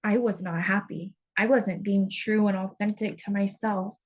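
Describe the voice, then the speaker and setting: A woman spiritual coach speaking in a confessional teaching monologue, earnest and intense, with blunt swearing here and there. Her voice sits at an ordinary middle pitch for a woman. The recording is dull and lo-fi. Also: steady tone, moderate pace.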